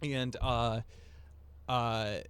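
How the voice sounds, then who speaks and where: A man's voice: medium pitch, fairly even intonation, fairly bright tone, clean tone. Man in a mid-range voice running a tabletop game. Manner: explains rules, halting and thinking aloud. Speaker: game master.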